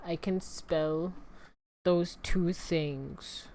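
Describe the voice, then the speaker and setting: A woman's voice: fairly low pitch, fairly even intonation, drawn-out words, dark tone, a little hiss or hum. A woman streaming and chatting casually with her viewers, rambling in a playful, talkative way. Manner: addresses viewers as "you guys" and "y'all". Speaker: VTuber streamer.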